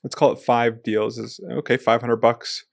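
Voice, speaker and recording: A man's voice: mid-range voice, level tone, normal speed, vocal fry. Man hosting a podcast, probing questions. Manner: probing, sums up and asks follow-ups. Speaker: podcast host. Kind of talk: interview questions.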